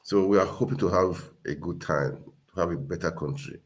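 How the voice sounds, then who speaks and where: A man's voice: deep voice, fairly quick. A man hosting a casual livestream, talking earnestly and repeating himself as he urges viewers on. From Nigeria. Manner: earnest, repetitive, exhorting. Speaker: livestream host.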